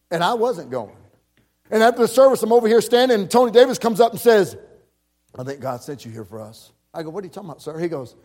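A man's voice: sits high, darkish tone. A man preaching a personal story, acting out the voices of people he quotes, with frequent repeated words. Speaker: pastor. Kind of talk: storytelling sermon.

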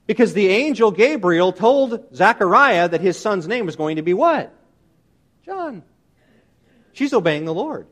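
Male preacher, sermon, emphatic, rhetorical questions, high voice, wide swings in pitch. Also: measured pace. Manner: animated, emphatic, asks the congregation rhetorical questions. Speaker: pastor.

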